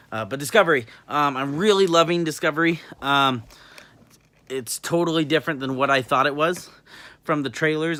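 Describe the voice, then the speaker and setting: A man's voice: fairly high pitch, bright, forceful tone. An English-born man with a New York-tinged American accent, chatting casually as a vlogger, rambling with lots of fillers and cheerful swearing. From England. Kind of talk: casual chat.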